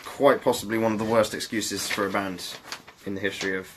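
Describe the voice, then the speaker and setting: Brief: male co-host, lowish voice, dry and foul-mouthed, faint background noise. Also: level tone, fairly quick. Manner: sweary, dry, blunt. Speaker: podcast co-host. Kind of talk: casual chat.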